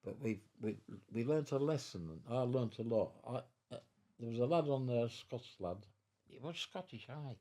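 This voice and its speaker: A veteran in his nineties is being interviewed at home about his life, and his telling wanders, circles back, and restarts, punctuated by chuckles. He has a warm, medium-pitched voice and keeps a moderate pace.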